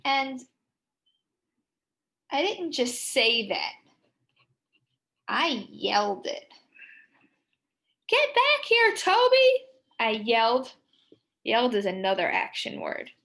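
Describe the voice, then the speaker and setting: A young woman teaching a writing lesson to children, reading her story aloud in an expressive, sing-song way. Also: fairly high pitch, slow, pauses often.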